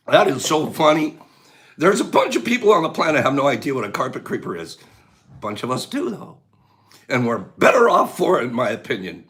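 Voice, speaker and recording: A man's voice: a little high, moderate pace. A man hosting a casual live stream with a scratchy voice, greeting viewers, joking and breaking into laughter. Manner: animated, bursts of laughter and loud exclamations.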